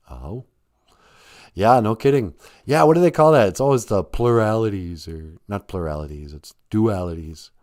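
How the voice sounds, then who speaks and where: A man's voice: fairly low pitch, expressive, normal speed, darkish tone, no echo, studio quality. A man hosting a live stream, chatting casually and rambling from joke to joke, laughing often.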